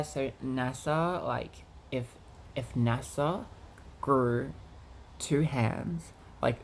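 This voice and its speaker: A man speaks in a relaxed vlog monologue with a gravelly, creaky edge to his voice. His pitch stays flat and even. He hesitates often, filling gaps with ums and repeating words as he goes. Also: a little hiss or hum. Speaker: vlogger.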